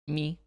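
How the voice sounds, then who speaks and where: A woman's voice: mellow, no room sound, studio quality. A woman streamer giving casual watchalong commentary, giggling often and rambling with fillers and restarts. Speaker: VTuber streamer.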